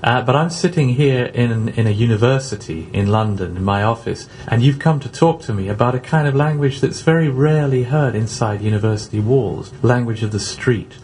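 A man's voice: medium pitch, brisk, hardly any pauses, a little mellow, a little hiss or hum. Thoughtful man in an office interview. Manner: thoughtful, academic. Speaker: university slang researcher. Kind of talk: interview explanation. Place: university office.

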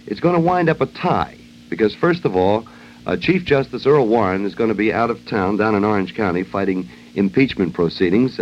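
A man hosting a radio show, delivering a wry, ad-libbed comic monologue on an old lo-fi broadcast. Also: lowish voice. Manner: wry, joking, loose ad-libbing. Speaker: radio host. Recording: dull lo-fi old radio recording with faint hiss.

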